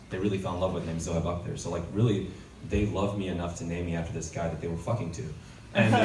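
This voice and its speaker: A man performing a stand-up comedy set, telling stories with sudden shouted punchlines and plenty of swearing. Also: deep voice, roomy sound, far from the mic, slight background noise. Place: comedy club stage.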